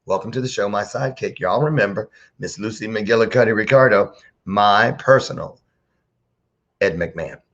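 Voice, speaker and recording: A man's voice: fairly low pitch, normal speed, a bit bright. A man hosting a talk show, bantering playfully with a preacher-like flair over a video call. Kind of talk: casual interview chat. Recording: dull lo-fi sound.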